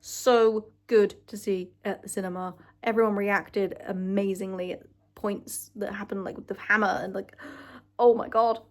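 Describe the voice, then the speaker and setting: Young woman vlogger, casual gushing chat, emotional, swears a lot, mid-pitched voice. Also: fairly even intonation, a little slow. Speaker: vlogger ranking films.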